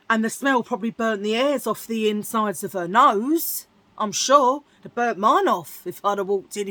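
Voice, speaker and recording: Frank, chatty woman vlogger with a higher voice who rambles and swears lightly. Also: a bit bright, dry recording. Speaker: beauty vlogger. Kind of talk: casual chatty storytelling.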